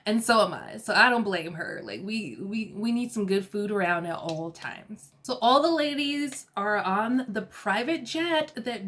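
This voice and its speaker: A woman's voice: mid-range voice, lively intonation, measured pace, hardly any pauses, fairly bright tone. A young woman giving a casual, gossipy and opinionated recap of a reality TV episode.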